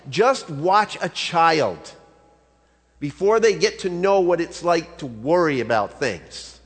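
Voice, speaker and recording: A man pastor preaching a sermon in a relaxed, storytelling way, talking to his congregation. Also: a little high. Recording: long reverb of a large hall.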